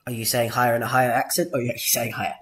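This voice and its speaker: A man hosting a podcast quiz in a playful game-show manner, drawing out announcements and squeaking out jingle noises. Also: level tone, a bit bright. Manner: theatrical, drawn-out announcements with sudden high-pitched jingles. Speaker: podcast host running a quiz.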